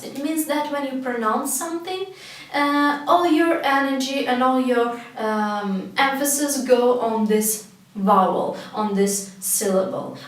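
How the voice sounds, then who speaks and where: A Russian-accented woman who speaks Russian natively, teaching a spoken language lesson slowly and carefully and repeating words for learners. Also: sits high, very echoey, far from the mic, low-quality recording.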